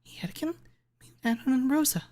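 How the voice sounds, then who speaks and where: A man voicing a tiny, shy female dinosaur-like character in a read-aloud visual novel, in a soft, hushed whisper. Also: very high-pitched, animated, brisk, voice pushed up. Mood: welcoming. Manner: polite and fussing, hushed.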